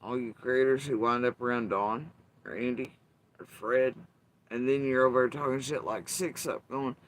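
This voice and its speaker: A man's voice: medium pitch, fairly even intonation, normal speed. A man hosting his channel, delivering bitter, profane, emphatic commentary in an angry rant. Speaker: channel host.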